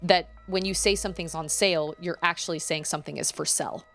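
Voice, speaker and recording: A woman's voice: lowish voice, fairly even intonation, fairly quick, creaky, a bit bright, faint music behind. A woman chatting casually while playing a video game, rambling off on tangents and giggling often. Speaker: gaming streamer. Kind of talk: casual let's-play commentary.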